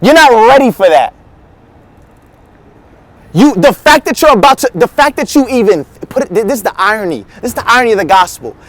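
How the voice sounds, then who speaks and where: A male teaching pastor with a high voice preaches in a loose, slangy, conversational way. He slips into acted quotes as he teaches. The sound is dry and close. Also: lively intonation, quick pace, few pauses, fairly bright tone, no echo. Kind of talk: casual sermon teaching.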